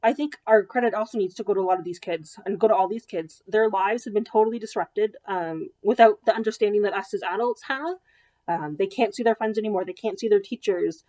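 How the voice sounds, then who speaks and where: A woman's voice: medium pitch, a little fast, dark tone. A woman in her thirties, a child development therapist, giving an educational presentation to parents in a conversational way with frequent ums.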